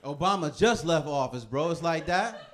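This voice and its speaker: On stage for a stand-up set, this thirtysomething man has a fairly high, animated voice. His storytelling is loose and full of laughter, with quick leaps into impressions of other people.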